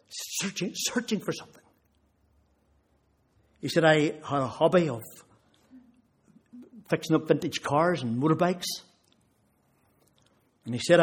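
Guy preaching, husky voice kinda high, gets louder retelling what people said. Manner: retells conversations with rising intensity. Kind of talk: sermon testimony.

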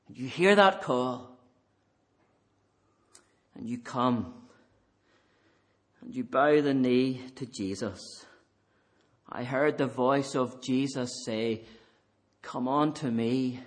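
A man preaching a sermon in a church, swinging between fervent emphasis and quiet intensity. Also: mid-range voice.

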